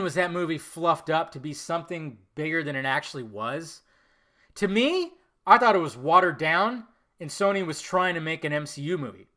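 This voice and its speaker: A man's voice: high-pitched, pushed and bright. A man hosting a solo podcast, ranting heatedly and swearing a lot. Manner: heated, swearing, emphatic rants. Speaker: podcast host.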